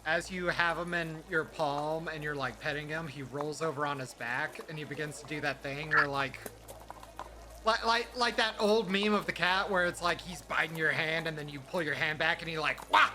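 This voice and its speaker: A man's voice: fairly high pitch, fairly even intonation, moderate pace, background noise. Chatty game master man. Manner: chatty, laughing easily, many fillers. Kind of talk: narrating a tabletop game.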